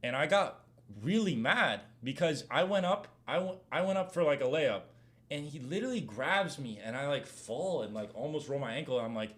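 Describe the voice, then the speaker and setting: A man's voice: medium pitch, brisk. Young man ranting on stream. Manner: animated slang-heavy rant, gets loud when heated. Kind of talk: casual Q&A chat.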